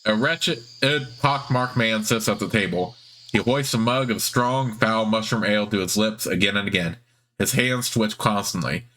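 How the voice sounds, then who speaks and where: Low-voiced man reading game text. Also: moderate pace, fairly bright tone, a little hiss or hum. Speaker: let's play host. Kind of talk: game text read-aloud with commentary.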